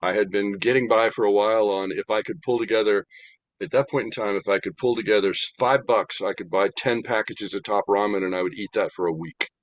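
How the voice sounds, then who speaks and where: An older American man giving an animated, humorous talk about his spiritual path, slowing down to stress points. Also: lowish voice, no echo. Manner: animated, humorous, slows down for emphasis. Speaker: spiritual speaker. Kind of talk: storytelling talk.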